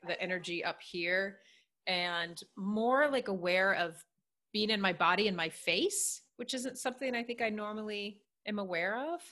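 A woman's voice: mid-range voice, sharp tone. A woman hosting a conversational interview, reflecting thoughtfully and asking curious questions. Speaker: podcast host.

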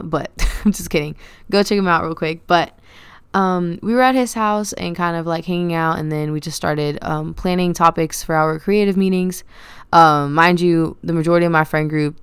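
Young woman podcast host, low and very clear voice, dry close sound, chatty rambling storyteller. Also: no echo. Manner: chatty, rambling, animated, many fillers. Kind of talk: casual storytelling monologue.

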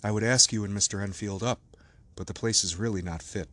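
A despairing, reclusive doctor answers drearily and with sighs in a storybook reading, as a man reading aloud puts him on. His voice is low and subdued. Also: fairly quick, fairly bright tone, close to an everyday voice. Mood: weary. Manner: dreary, sighing.

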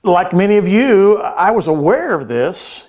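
A man's voice: sits high, very animated, a little slow, a little mellow. A male pastor preaching a sermon, telling a story earnestly with hesitant restarts.

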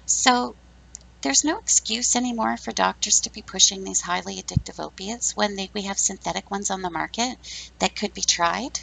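Blunt woman in her fifties, gravelly. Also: mid-range voice, normal speed, sharp tone, poor audio. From Canada. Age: 50s. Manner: blunt, sarcastic, chatty. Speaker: podcast host. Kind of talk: casual opinion monologue.

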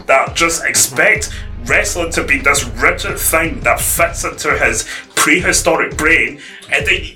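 A man with a strikingly bright, sharp voice, ranting with opinions in a casual podcast chat. Faint music plays behind him. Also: fairly high pitch, animated, measured pace. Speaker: podcast co-host.

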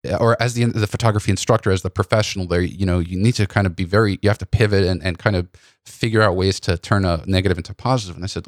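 Deep-voiced man telling stories on a podcast. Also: fast talker, no room sound, clean studio sound. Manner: animated, many restarts and fillers. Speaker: podcast host and photography workshop leader. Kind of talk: casual conversational storytelling.

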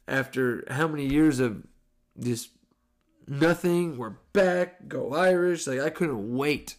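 A man in his thirties hosting a podcast, telling a story in casual, animated, profane style. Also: fairly high pitch, slow pace. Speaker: podcast host.

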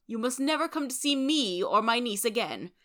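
A woman's voice: a little high, expressive, moderate pace, a bit bright, pitched above the performer's own voice. A woman reading out the letter of a stern, cold elderly uncle in a storybook, firm and formal.

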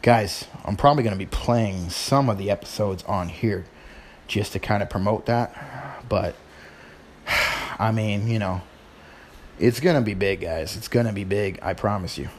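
Middle-aged man, podcast host, low voice, casual rambling with sighs, faint background hiss. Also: a little slow, pauses often. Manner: rambling, informal, with sighs and restarts. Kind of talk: casual chat.

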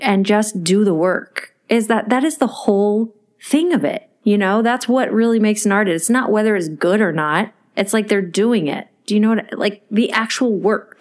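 A woman co-hosting a podcast in casual chat, a mother telling stories and acting out the quotes. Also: medium pitch. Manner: animated storyteller, acts out quotes. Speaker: podcast co-host.

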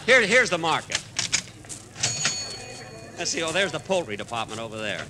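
A vain, exasperated man in an old radio comedy sketch, his voice swooping wildly in pitch. Loud hiss and crackle of an old broadcast sit under him. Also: sing-song, normal speed. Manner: exasperated, vain, mock-offended. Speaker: comedian host. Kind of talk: 1940s radio comedy acting.

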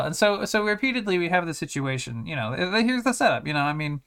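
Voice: medium pitch, sing-song, fast talker, a bit bright, clean tone. An anime reviewer talking casually, rambling with many restarts and sarcastic asides.

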